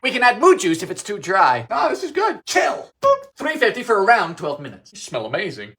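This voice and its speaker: A man narrates a comedic vintage recipe show. His voice is bright and sharp, with a pitch that leaps around constantly. He swings between shouted exclamations and deadpan muttered jokes. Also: fairly quick. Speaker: cooking show host.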